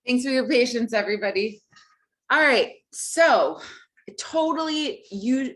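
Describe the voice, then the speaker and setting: A woman's voice: medium pitch, fairly bright tone. A woman teaching an online group singing lesson, friendly and encouraging in a casual way.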